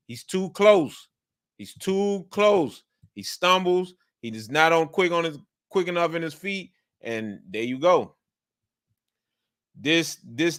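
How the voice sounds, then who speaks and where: A man talks through football game film in a casual, coaching way, hammering each point by saying it again. His voice sits a little high, and he gets emphatic as he calls out plays. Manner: repetitive, emphatic, coaching tone, breaks into animated outbursts.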